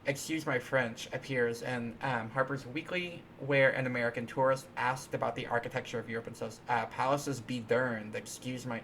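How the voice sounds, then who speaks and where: Here the livestream host has a mid-range, slightly bright voice with vocal fry and a steady tone, talking briskly with hardly any pauses as he codes. He stays casual, playful and rambling, with many fillers and restarts, and there's a little hiss or hum.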